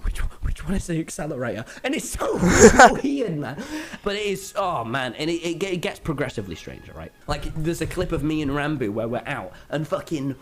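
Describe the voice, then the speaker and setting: A teenage boy with an English accent telling a rambling story, excitable, swearing often and tripping over his words. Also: on the high side, moderate pace, hardly any pauses. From England. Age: teens. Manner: excitable, swears a lot, stumbles and restarts. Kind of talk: animated story-time narration. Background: background music.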